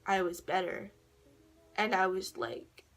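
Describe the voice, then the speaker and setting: A woman's voice: lowish voice, lively intonation, takes it slowly, fairly bright tone, soft background music. A teenage girl telling a long personal story to camera, rambling and swearing, with frequent laughs and quoted voices. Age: teens. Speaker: vlogger. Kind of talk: casual storytelling vlog.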